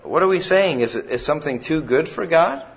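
A man's voice: fairly high pitch, expressive, a little fast, gravelly. Man preaching a conversational sermon. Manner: conversational, repeats words and restarts phrases. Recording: muffled lo-fi sermon recording.

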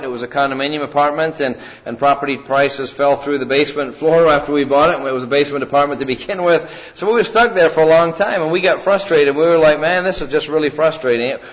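A middle-aged man preaching a sermon in a conversational way, often repeating words and restarting phrases. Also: a little high. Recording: muffled lo-fi sermon recording.

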